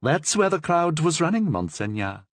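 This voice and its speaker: A man's voice: fairly high pitch, big pitch swings, normal speed, no room sound, pitched above the performer's own voice. A man voicing a sly, deferential male Capuchin friar in a storybook reading, talking eagerly.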